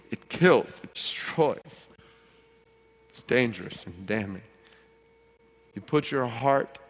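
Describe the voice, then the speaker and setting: A man preaching as a pastor, swinging from hushed, earnest passages to loud, ringing exhortation and repeating key words for emphasis. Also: fairly low pitch. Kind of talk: sermon. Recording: long hall reverb.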